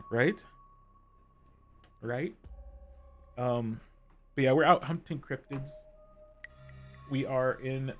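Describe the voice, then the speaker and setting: A man streaming a visual novel, chatting casually and rambling with fillers as he explains the story. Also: mid-range voice. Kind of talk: casual game commentary.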